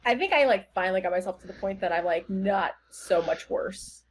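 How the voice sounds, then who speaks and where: A woman with a middle-pitched voice co-hosts a casual podcast chat. She speaks softly and supportively. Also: lively intonation, a little fast, slight background noise. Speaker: podcast co-host.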